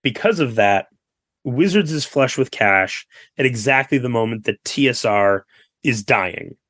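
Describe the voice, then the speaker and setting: Bright-voiced man telling a story. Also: medium pitch, no echo, clean studio sound. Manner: storytelling, animated, quick asides and fillers. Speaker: guest author. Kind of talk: casual podcast interview.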